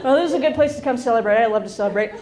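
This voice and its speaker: High-voiced lady comic on stage, loud laughing crowd and bar noise all around. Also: rapid-fire. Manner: self-deprecating, teasing the crowd. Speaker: stand-up comedian. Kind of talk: stand-up comedy set. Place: comedy club stage.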